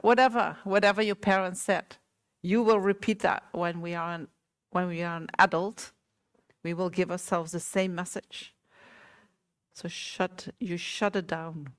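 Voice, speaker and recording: A woman teacher giving a Buddhist talk to a small group, gentle and unhurried, often asking her listeners questions. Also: fairly low pitch, steady tone. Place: meditation center hall.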